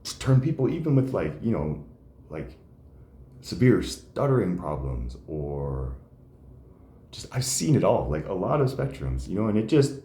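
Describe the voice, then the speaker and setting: Animated low-voiced man telling stories. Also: a little slow. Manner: animated, rambling, frequent fillers. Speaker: stand-up comedian and comedy teacher. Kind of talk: casual storytelling chat. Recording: roomy echo.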